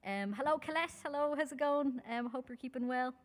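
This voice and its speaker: A woman from Ireland with a Dublin accent, chatting quickly and informally with her audience between songs at a live-streamed concert. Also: high-pitched. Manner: talks fast, chatty and informal, with many fillers.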